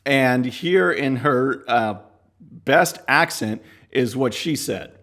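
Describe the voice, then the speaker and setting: A man's voice: mid-range voice, expressive, slow pace, a bit bright, a little hiss or hum. A man hosting a political commentary show, talking casually with scornful asides. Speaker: podcast host.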